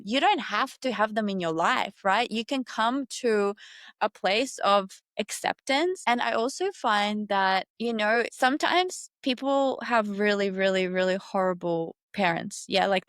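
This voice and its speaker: A woman from Russia, a podcast guest telling a personal story in a candid, emphatic way with animated quoted asides. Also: medium pitch, no room sound, clean studio sound.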